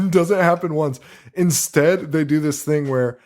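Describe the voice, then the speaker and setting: A podcast co-host with a slightly high voice speaks a little slowly in a casual movie review chat. He's animated, swears freely, and acts out scenes with silly voices.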